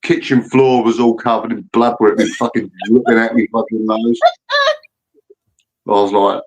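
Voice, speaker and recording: A man's voice: on the low side, level tone, moderate pace, darkish tone, low-quality recording. A man telling a rowdy story in casual chat, blunt and full of swearing. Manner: blunt, profane, laddish storyteller.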